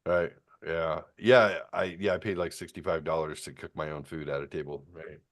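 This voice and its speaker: A man's voice: extremely low pitch, fairly even intonation, normal speed. A man in his fifties, hosting a casual chat and telling a rambling story full of restarts. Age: 50s. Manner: acts out quoted people in a raised voice. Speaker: host.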